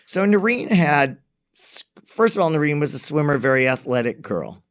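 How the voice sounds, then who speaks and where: A man's voice: fairly high pitch, sing-song, normal speed. A man co-hosting a casual true crime chat, telling the story animatedly and acting out the quoted dialogue. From lives in New York. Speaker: podcast co-host.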